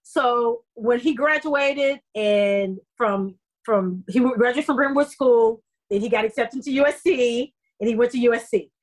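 Woman, middle-aged, actress guest, animated storyteller, fairly high voice, quick restarts. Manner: lively, acts out quoted voices, repeats herself.

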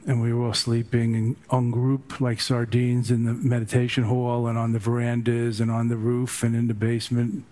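A man's voice: mid-range voice, completely flat delivery, moderate pace, hardly any pauses, mellow. An older man tells meditation stories in a loose, joking way. He wanders between anecdotes as a teacher speaking to a group. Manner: chatty, humorous, digressive. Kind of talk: storytelling dharma talk.

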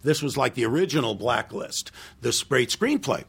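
A man's voice: mid-range voice, animated, moderate pace, vocal fry, a bit bright, slightly rough. An older man, a film director, telling rambling anecdotes in a casual interview and acting out what others said. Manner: rambling anecdotes with restarts and acted-out quotes.

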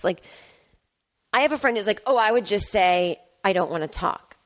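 A woman's voice: medium pitch, brisk. Self-mocking woman telling a comic story. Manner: animated, self-deprecating, acts out both sides of the story. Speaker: podcast host. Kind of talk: solo comedic storytelling. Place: home apartment.

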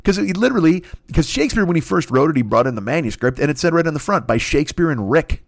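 A man's voice: a little high, big pitch swings, fast talker, vocal fry, no echo, studio quality. A man in his fifties, a podcast host, riffing in a rambling, profane comedic rant and acting out silly voices. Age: 50s.

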